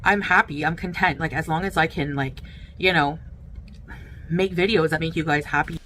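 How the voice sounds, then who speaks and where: A woman's voice: low voice, fairly even intonation, normal speed, fairly bright tone, slight background noise. A woman content creator talking to her audience, hesitant and filler-heavy. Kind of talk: talking-to-camera vlog clip.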